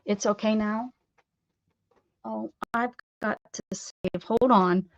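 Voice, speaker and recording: Chatty woman with a gravelly voice. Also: medium pitch, fairly even intonation, slow pace, no echo, lo-fi sound. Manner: chatty, greets viewers by name, talks to her cat. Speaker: art livestream host. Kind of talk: casual livestream chat while crafting. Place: home craft table.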